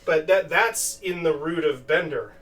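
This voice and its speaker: A man's voice: a little high, unhurried, a bit bright. A man streaming as he crafts, thinking aloud in a casual, rambling way with lots of filler words. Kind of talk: casual live-stream chat while crafting. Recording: distant mic with faint background noise.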